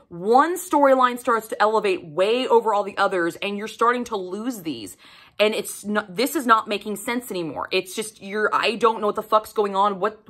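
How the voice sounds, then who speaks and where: A woman casually reviewing a book on camera, swearing freely and talking in an animated, emphatic way. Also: medium pitch.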